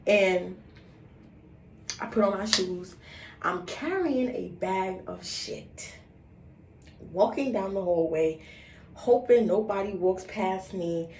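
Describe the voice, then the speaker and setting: A young woman in her twenties telling an embarrassing story in a casual, animated, profane way, acting out what people said. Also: mid-range voice. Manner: animated, profane, acts out quotes. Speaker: vlogger. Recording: roomy, distant mic, faint background noise.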